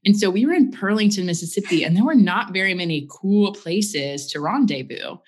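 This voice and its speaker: A woman in her thirties telling a story in a casual chat, steady and matter-of-fact. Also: medium pitch, a little fast, slight background noise. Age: 30s.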